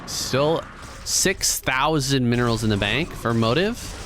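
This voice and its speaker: A man giving relaxed, conversational play-by-play commentary on a strategy game match, with casual asides. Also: medium pitch, slow pace, a little hiss or hum. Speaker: esports caster.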